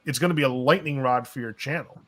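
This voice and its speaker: A man in a casual live stream chat giving quick advice and repeating words. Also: mid-range voice, a bit bright.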